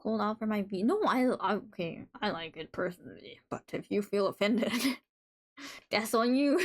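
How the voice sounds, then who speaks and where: A woman's voice: medium pitch, animated, moderate pace. A woman hosting a live stream in casual chat, reading out messages from viewers and reacting to them playfully. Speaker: livestream host.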